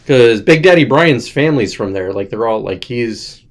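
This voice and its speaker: A man's voice: medium pitch, lively intonation, normal speed. A young adult man hosting a casual chat show, rambling and irreverent, joking loosely, sounding tired. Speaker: host.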